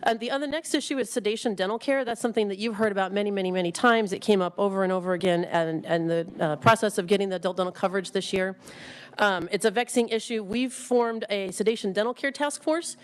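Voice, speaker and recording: A woman delivers committee testimony at a quick clip, racing through her points. She fills gaps with ums and often restarts her sentences, though her pitch stays at an ordinary middle level. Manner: rushed, with frequent ums and restarts. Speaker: executive director testifying to a legislative committee.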